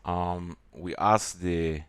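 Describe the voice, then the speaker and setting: A man with a German accent walking through a software tutorial in a halting way, with many pauses and fillers. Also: low-pitched, fairly even intonation, clean tone, dry recording. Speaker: software demonstrator.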